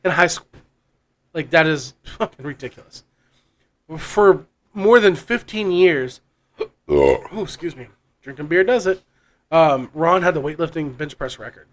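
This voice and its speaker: A man's voice: a little high, animated, moderate pace, pauses often. A man co-hosting a podcast, telling a long story casually in a rambling, profane way. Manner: rambling and profane, with frequent restarts and laughs. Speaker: podcast co-host.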